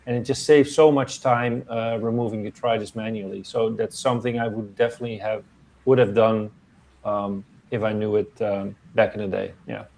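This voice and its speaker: Calm, practical man explaining. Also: on the low side, normal speed, creaky, a little hiss or hum. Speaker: guest. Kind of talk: casual chat.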